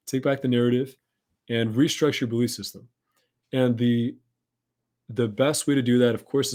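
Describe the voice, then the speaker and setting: Earnest and encouraging like a coach, a male podcast host talks his audience through a self-help monologue. His voice is medium-pitched and a little mellow.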